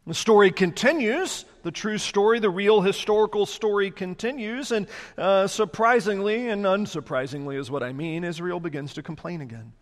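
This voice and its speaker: A man preaching a sermon, animated, now and then putting on mocking voices for complainers. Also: high voice, moderate pace, few pauses. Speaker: pastor. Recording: long hall reverb.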